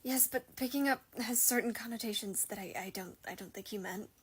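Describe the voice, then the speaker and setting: A woman's voice: a little high, brisk, slightly rough. A woman voicing a wry young male hunter with a dry, exasperated, sarcastic manner, in a comedic fan skit.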